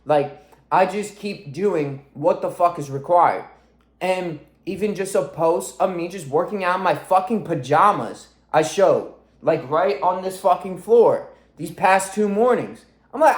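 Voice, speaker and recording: A fitness coach in his twenties records an intense, profane motivational vlog monologue in his room at home. His voice sits high, echoes in the room, and comes at a measured pace, driven entirely by himself.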